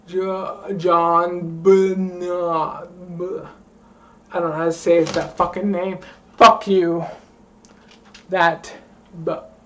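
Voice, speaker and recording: The speaker is a drunk young woman whose lowish, slightly bright voice comes from a distance from the mic. In her rambling late-night vlog rant she swears, slurs, and repeats the same phrase again and again.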